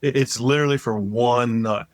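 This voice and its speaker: A man's voice: medium pitch, moderate pace, dry recording. A man with a Cajun accent, a podcast guest who talks in a plainspoken, practical way. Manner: plainspoken, practical, with frequent "you know". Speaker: guest, tool company founder. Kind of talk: casual interview chat.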